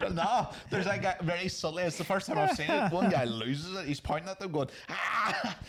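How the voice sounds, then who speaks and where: A man's voice: sits high, huge pitch swings, crowd noise. A man co-hosting a podcast, rambling and swearing as he chats about a film. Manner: sweary, rambling, quick to laugh. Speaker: podcast co-host. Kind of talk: casual film-review chat.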